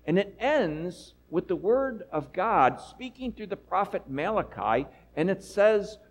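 A man playing an apostle who retells a miracle he witnessed in a first-person dramatic monologue, lively and chatty with asides to his listeners. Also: high-pitched, measured pace, exaggerated voice, low-quality recording. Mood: storytelling.

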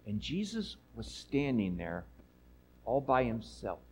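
A man playing an apostle who retells a miracle he witnessed in a first-person dramatic monologue, lively and chatty with asides to his listeners. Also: medium pitch, slow pace, gravelly, slightly rough, full character voice, low-quality recording. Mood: storytelling.

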